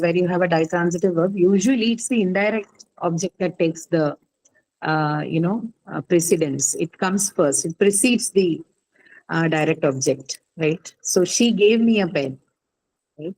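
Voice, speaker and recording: A woman's voice: lowish voice, normal speed, darkish tone, poor audio. A woman teaching an English grammar class, explaining patiently and often asking "right?" to check understanding.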